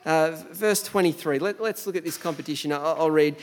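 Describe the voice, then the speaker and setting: A man's voice: on the high side, fairly quick, hardly any pauses. A man with an Australian accent preaching a sermon in a conversational way, asking the listeners rhetorical questions and sometimes stumbling over words. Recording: long reverb in a large hall.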